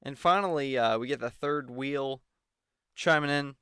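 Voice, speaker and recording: A man's voice: medium pitch, measured pace, pushed and bright, smooth, dry recording, studio quality. A man giving a sarcastic commentary on a televised debate and mocking the anchors. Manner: mocking, mimics the anchors in exaggerated voices. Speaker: political commentator.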